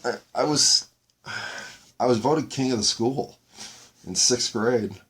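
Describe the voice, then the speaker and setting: A man hosting a solo podcast, talking in a slow, halting way as he searches for words, his voice breaking with tears. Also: mid-range voice, fairly bright tone. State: tearful, voice breaking. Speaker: podcast host. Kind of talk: reflective solo monologue.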